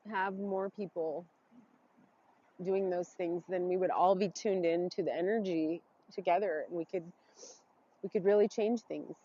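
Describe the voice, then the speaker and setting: A woman speaking a heartfelt, halting blessing and reflection outdoors, emotional and close to tears. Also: on the low side, fairly even intonation, mellow, slightly rough, lo-fi sound. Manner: heartfelt, tearful, halting with pauses. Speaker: vlogger doing an outdoor ritual. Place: forest, outdoors.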